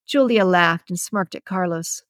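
A woman reading a romance novel aloud as audiobook narrator, in an even, measured storytelling manner. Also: fairly low pitch, no echo, studio quality. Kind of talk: scripted narration.

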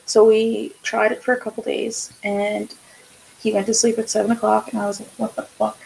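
Candid, sweary woman with a gravelly voice. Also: medium pitch, completely flat delivery, normal speed, darkish tone, a little hiss or hum, rough recording. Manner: candid, swears freely, acts out quotes. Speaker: podcast co-host. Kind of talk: casual chat.

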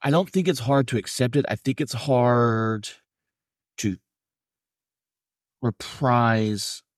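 A man co-hosting a casual podcast, talking in a loose, rambling and cheerful way, full of fillers. His voice sits at an ordinary pitch. The sound is dry, with no room around it. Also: slow pace, no room sound. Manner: rambling, upbeat, lots of fillers. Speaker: podcast co-host. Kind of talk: casual chat.

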